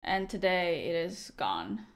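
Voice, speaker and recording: A woman's voice: on the low side, very animated, takes it slowly, slight background noise. A young woman live-streaming a game, chatting casually and teasing her viewers as she answers them. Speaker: livestreamer.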